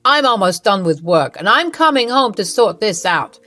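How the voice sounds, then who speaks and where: A woman's voice: medium pitch, sing-song, moderate pace, sharp tone. A woman voicing an adult husband who is stern and fed up, in a storybook narration.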